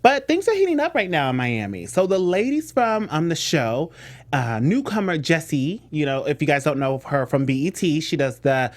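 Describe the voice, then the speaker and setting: Animated low-voiced woman co-host. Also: moderate pace. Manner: animated, laughing, chatty. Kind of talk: casual gossip chat.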